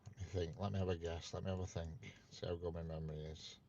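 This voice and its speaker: A man's voice: deep voice, flat delivery, fast, vocal fry, mellow, muffled recording, a little hiss or hum. A man hosting a casual live stream, chatting with viewers and playfully quizzing them. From north of England. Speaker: livestream host chatting with viewers.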